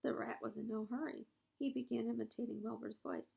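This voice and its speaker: A woman's voice: a little high, fairly even intonation, fairly quick, vocal fry, mellow, husky. A woman reading a children's novel aloud. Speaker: reader.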